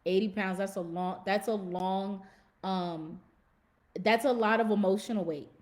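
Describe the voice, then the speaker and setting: A woman's voice: medium pitch, steady tone, a little slow, darkish tone. A woman hosting a fitness podcast, talking casually and emphatically to her listeners, repeating key phrases and using folksy slang. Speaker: podcast host and fitness coach. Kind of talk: casual motivational talk to a live audience.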